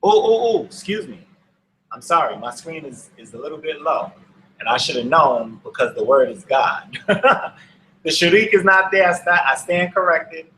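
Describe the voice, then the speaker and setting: A man teaches Hebrew to an online class in slow, patient instruction, repeating each word for his students. His slightly high voice is pushed and bright with lively intonation at a moderate pace. The low-quality recording is reverberant, with a little hiss or hum.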